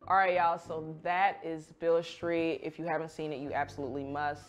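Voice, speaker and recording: A woman's voice: low voice, level tone, fairly quick, music in the background. A woman host who wraps up a discussion with enthusiasm and says "y'all.". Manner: enthusiastic wrap-up, uses "y'all". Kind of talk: hosting a discussion.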